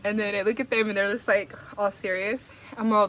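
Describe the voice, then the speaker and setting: Speaking fairly quickly with a medium-pitched voice, a young Bay Area woman chats through a story, cursing, laughing as she goes, and leaning heavily on "like." Slight background noise can be heard.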